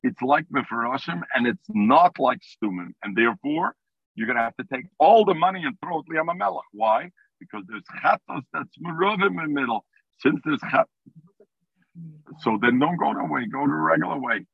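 Slightly high, creaky, and a touch rough, a man's voice carries lively intonation at a normal pace, with no echo. He teaches Talmud over a tinny phone line while driving, explaining in English with Hebrew and Aramaic terms.

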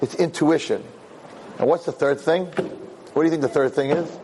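A middle-aged man, a rabbi, giving a Torah class as an animated storyteller who repeats words as he restarts his sentences. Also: on the high side, normal speed, background noise.

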